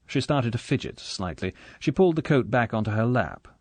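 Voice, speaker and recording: A man reading a spy novel aloud in steady, measured scripted narration. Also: medium pitch, no echo. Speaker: audiobook narrator.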